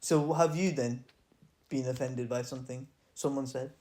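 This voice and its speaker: A man in his twenties co-hosting a casual podcast with his sister, telling stories in an animated way, swearing and laughing often. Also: mid-range voice, moderate pace. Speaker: podcast co-host. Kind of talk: casual sibling chat.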